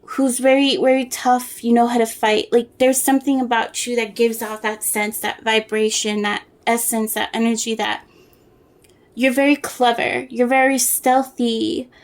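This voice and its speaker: A woman giving a casual tarot reading to the viewer, soft-spoken and rambling as she searches for words through fillers and restarts. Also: on the high side, flat delivery, unhurried. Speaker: tarot reader.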